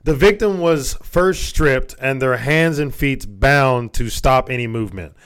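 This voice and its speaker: A man co-hosting a podcast reads his notes aloud in an easygoing, unpolished way. He trips over words now and then and swears freely between the facts. His voice sits at an ordinary middle pitch. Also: a little slow, a bit bright, clear, resonant tone. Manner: stumbles while reading, swears casually. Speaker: podcast co-host. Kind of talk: casual podcast chat, reading notes aloud.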